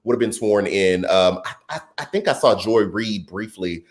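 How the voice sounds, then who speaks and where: A fairly low-voiced man hosts a live stream from home, reading out viewers' comments and offering casual political commentary. He talks in an animated, excitable way, often jumping up into a much higher voice. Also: moderate pace. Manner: animated, excitable, jumps into high voice.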